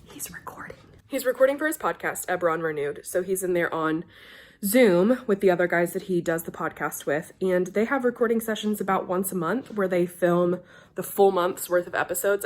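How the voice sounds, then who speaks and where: A young woman chatting casually to her handheld camera at home, excitable and a little stuffy from a sinus infection, with laughs and whispered asides. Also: on the low side. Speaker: vlogger. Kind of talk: casual vlog chat to camera. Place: at home, in a house. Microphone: handheld camera filming herself.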